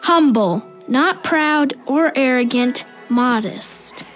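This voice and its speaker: A self-important schoolboy voiced by a woman who talks high and slow, always pushing himself forward. He is a character in a children's audio drama. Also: fairly bright tone, faint music behind. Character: boastful show-off schoolboy.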